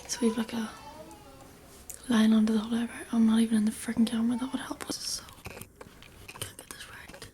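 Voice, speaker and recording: A woman's voice: fairly high pitch, completely flat delivery, fairly quick, long pauses, dark tone. A young woman giving a casual makeup tutorial, chatty and rambling, often dropping into a half-whisper. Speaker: beauty vlogger.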